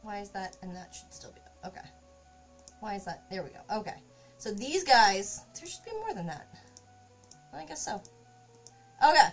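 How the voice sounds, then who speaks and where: A woman's voice: medium pitch, big pitch swings, normal speed, pauses often, soft background music. A woman streaming from her home craft workspace, chatting casually and talking to her cat while she works. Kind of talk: casual live-stream chat.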